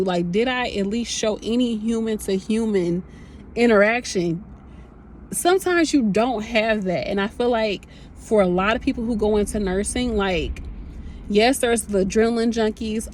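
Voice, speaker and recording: A woman's voice: mid-range voice, darkish tone, slight background noise. A woman in her thirties, a nurse, talking candidly and emotionally to her phone camera in a rambling, casual way. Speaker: nurse vlogger.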